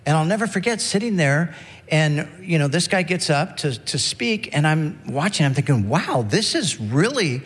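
A male pastor preaching a sermon in a relaxed, conversational way, often restarting his phrases. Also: on the high side, moderate pace, big-room sound. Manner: conversational, many restarts and "you know".

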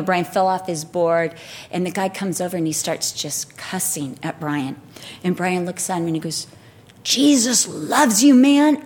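A woman preaching a sermon, telling personal stories in a lively way, acting out what people said and laughing at herself. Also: on the low side. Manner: lively storytelling, acts out quotes, laughs at herself.

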